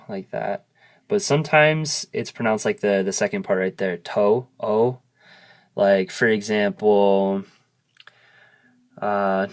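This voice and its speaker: A man's voice: lowish voice, fairly even intonation. A man who speaks English as his first language gives a casual video lesson, patiently explaining and sounding out vowels. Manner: slow, patient explaining, modelling sounds aloud. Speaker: language teacher.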